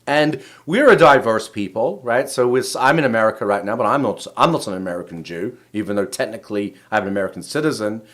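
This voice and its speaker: A man's voice: fairly low pitch, expressive, fast talker, hardly any pauses, fairly bright tone. A middle-aged man, a rabbi from England, giving a casual spoken lesson in a rambling way, full of restarts and tag questions. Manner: rambling, many restarts, keeps asking "right?". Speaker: rabbi and show host.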